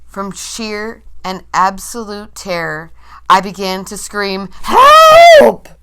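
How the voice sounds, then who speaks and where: Woman reading a story slowly. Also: medium pitch, steady tone, bright, forceful tone, slight background noise. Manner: slow, dramatic, breathless storytelling. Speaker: reader.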